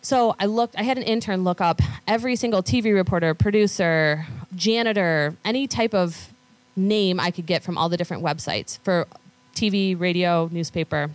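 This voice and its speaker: A woman speaking at a conference, chatting with the audience and telling stories with lively quoted voices. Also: on the low side, normal speed, dry recording. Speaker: conference speaker on law firm marketing. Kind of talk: conference talk with audience questions. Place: conference room.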